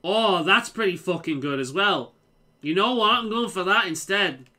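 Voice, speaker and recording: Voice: medium pitch, animated, normal speed, sharp tone. A streamer from the Liverpool area giving casual, rambling commentary while playing a game and swearing freely. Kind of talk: casual let's-play commentary.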